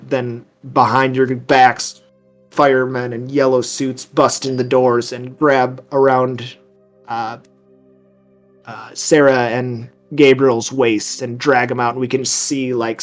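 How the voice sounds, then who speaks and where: Man narrating as game master. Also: medium pitch. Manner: cinematic scene narration with fillers.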